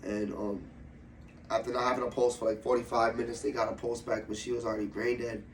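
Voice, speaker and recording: A young man from Ohio, an MMA fighter, telling his story in a loose, profane, animated way during a casual interview. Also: medium pitch, fast talker, echoey room. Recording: slightly distant mic with faint room noise.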